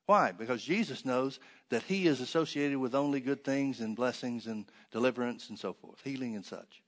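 A man preaching a sermon, reading scripture aloud and then explaining it with rhetorical questions, swinging between loud emphatic stresses and hushed asides. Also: mid-range voice, brisk, few pauses.

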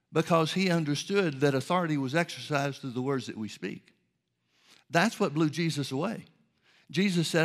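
A man preaching a sermon in a measured way, reading scripture aloud and explaining it. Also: on the high side.

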